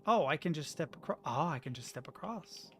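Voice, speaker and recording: A young man livestreaming gameplay and talking to his chat, excitable, yelling then muttering to himself. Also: on the high side, fairly quick, soft background music. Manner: excitable, yelling, swings between shouting and muttering. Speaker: game streamer. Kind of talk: live-streamed gameplay commentary.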